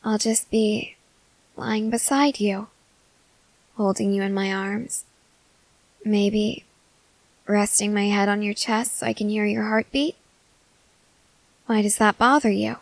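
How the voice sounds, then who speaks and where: A young woman voicing an obsessive, possessive queen in an ASMR role-play, talking softly and insistently. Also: medium pitch, steady tone, vocal fry, dry recording. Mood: coaxing. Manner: slow, soft, controlling and insistent.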